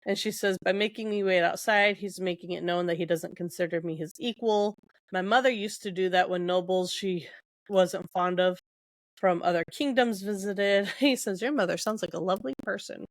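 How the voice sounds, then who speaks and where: A woman's voice: medium pitch, moderate pace, no echo. A young adult woman co-hosting a podcast, retelling book scenes casually with quoted dialogue and lots of fillers. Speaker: podcast co-host.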